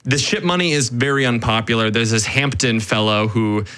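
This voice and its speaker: A man co-hosting a casual history podcast, telling the story in an animated way with quick quoted asides and frequent "right?". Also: medium pitch, clear, resonant tone. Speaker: podcast co-host.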